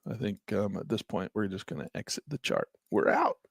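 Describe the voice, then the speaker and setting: This trading instructor keeps a steady tone at a fairly low pitch, speaking briskly in a gravelly voice. He runs a relaxed live trading lesson, clicking through charts, thinking out loud and chatting with viewers. The sound is dry and clean, like a studio.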